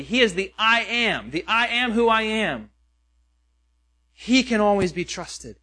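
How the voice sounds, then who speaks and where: A man's voice: sits high, expressive, a little slow, long pauses, pushed and bright. A pastor preaching a sermon, earnest and questioning, with many rhetorical questions to his listeners.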